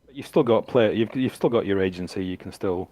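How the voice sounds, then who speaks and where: A man with a fairly low, mellow voice runs a tabletop game as game master. He narrates the scene descriptively but halts often, filling gaps with fillers.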